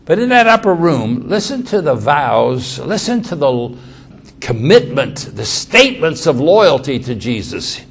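A man preaching a sermon, reading scripture aloud and acting out the quotes with sudden swings in loudness and pace. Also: on the high side, very animated, a little slow, creaky, husky. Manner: dramatic quoting of scripture, shifting loudness and pace.

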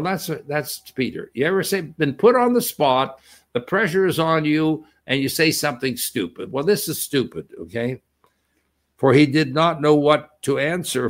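Guy preaching through a bible chapter, chatty, keeps asking the crowd stuff, average pitch. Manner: conversational, with restarts and questions to listeners. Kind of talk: Bible teaching sermon.

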